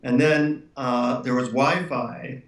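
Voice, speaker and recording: A man, an author being interviewed, telling relaxed anecdotes with frequent fillers. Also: medium pitch, slow. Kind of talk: anecdotal storytelling. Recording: roomy room, distant mic.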